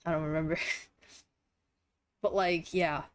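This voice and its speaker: A woman's voice: low voice, steady tone, slow pace, clean tone, no echo. A tired young woman with a congested, nasal voice, rambling casually through a recap with lots of fillers and swearing.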